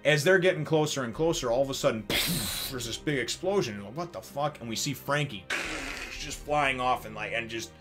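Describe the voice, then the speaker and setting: A man's voice: mid-range voice, quick pace, hardly any pauses, over music. A man giving a casual, rambling review of a manga chapter. He swears a lot and fills his talk with "you know.". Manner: rambling, swears, many fillers; grows loud and excited when retelling action.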